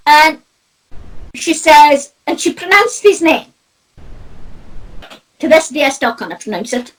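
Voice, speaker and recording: A woman's voice: sits high, lively intonation, normal speed, rough recording. A Scottish woman, a spiritual medium, chatting casually and animatedly, laughing often. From Scotland. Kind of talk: casual chat.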